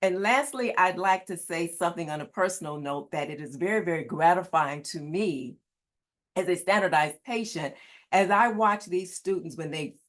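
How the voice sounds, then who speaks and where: Earnest low-voiced woman presenting. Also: moderate pace. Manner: earnest, emphatic, repeats key words. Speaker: standardized patient. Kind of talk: prepared presentation.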